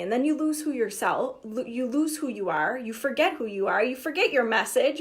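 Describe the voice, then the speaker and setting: A young woman coaching on business in a casual, energetic talk, emphatic and acting out inner voices. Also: fairly high pitch, a little fast, hardly any pauses. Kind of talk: casual direct-to-camera talk.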